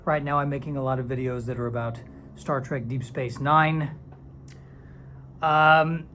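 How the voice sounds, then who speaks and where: A man's voice: on the high side, a bit bright, a little hiss or hum. Playful rambling man vlogging. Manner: playful, rambling, slips into silly whispers and mock voices. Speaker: video creator. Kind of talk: casual talking-head vlog.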